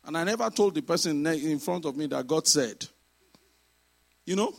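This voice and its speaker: A man preaching a sermon, emphatic, moving between shouted exhortations and quiet asides. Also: fairly high pitch, expressive, normal speed, creaky.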